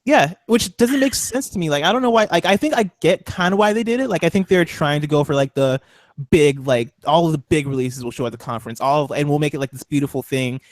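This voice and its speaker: A man co-hosting a podcast in a casual group chat, rambling excitably with lots of fillers. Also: fairly high pitch, fast talker, no echo. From Seattle. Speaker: podcast co-host.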